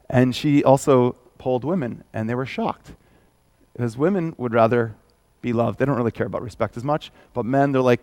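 A man's voice: medium pitch, normal speed, a little mellow, no echo. A man, preaching a sermon in a conversational, self-deprecating way. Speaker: pastor.

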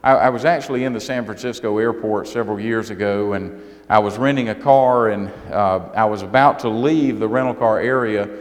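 A man's voice: on the low side, fairly quick. A middle-aged man from South Carolina with a Southern accent, speaking as a guest preacher with earnest, folksy storytelling in a church. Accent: Southern American. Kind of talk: sermon. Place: church sanctuary. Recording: long hall reverb.

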